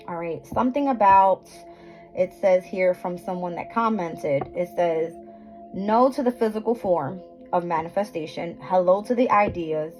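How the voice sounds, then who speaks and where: Background music plays under this low-quality recording of a woman with a voice on the low side, who gives a loose, profane astrology and tarot reading to home viewers, stumbling over words, cutting herself off, and laughing at her own mistakes.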